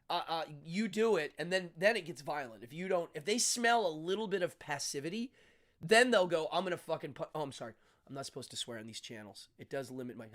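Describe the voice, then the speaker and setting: Middle-aged male streamer, lively storyteller who acts out the dialogue, pitch swinging widely, casual. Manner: animated storytelling, acts out dialogue, frequent restarts. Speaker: livestream host. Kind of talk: casual chat with live viewers.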